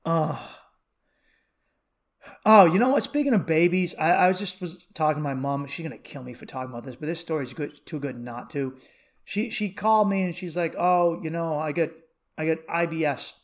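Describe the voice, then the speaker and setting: A man in his thirties hosting a comedy podcast alone, rambling through profane, animated stories and rants. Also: fairly high pitch, a little fast. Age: 30s. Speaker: podcast host. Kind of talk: comedic solo podcast rant.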